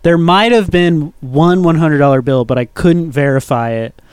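A man's voice: a little high, moderate pace, slight background noise. A man chatting casually as a guest on a movie podcast, laid-back with wry asides.

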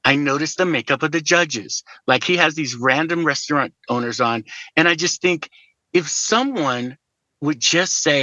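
Bright-voiced chatty man, dry sound. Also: a little high, normal speed, dry recording, lo-fi sound. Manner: chatty, animated storyteller who jokes and laughs. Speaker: guest. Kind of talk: casual conversation.

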